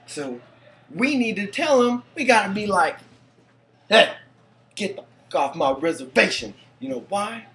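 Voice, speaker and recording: A man's voice: sits high, big pitch swings, measured pace, vocal fry, fairly bright tone, exaggerated voice. A man playing a rowdy young guy from the reservation. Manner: crude, slangy bragging. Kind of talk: comedic parody monologue.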